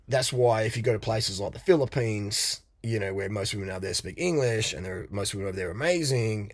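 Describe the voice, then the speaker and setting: A man's voice: fairly low pitch, slightly rough, dry recording, studio quality. A man hosting a podcast, talking in a blunt, crude, rambling monologue. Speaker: podcast host. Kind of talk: casual monologue.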